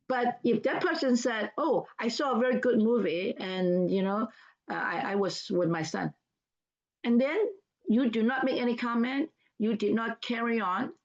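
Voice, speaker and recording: An older woman gives a casual seminar, her fairly high voice chatty and repetitive as she plays out little example dialogues. The recording sounds dull and lo-fi. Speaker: seminar speaker.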